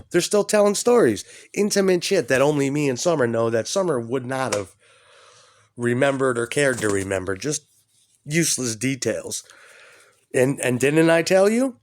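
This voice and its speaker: A man rambling profanely, mumbling low at times and then shouting. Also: lively intonation, normal speed, a little hiss or hum. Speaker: vlogger. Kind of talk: rambling monologue.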